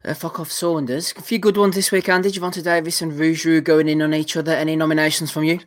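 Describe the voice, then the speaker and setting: A man's voice: a little high, level tone, quick pace. Dry wry man reading listener messages. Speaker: podcast host.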